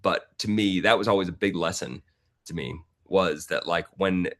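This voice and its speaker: A man in his forties, a podcast guest, telling a personal story in a casual, animated way and acting out other people's lines. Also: low voice, moderate pace. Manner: animated, acts out the voices of people in his stories.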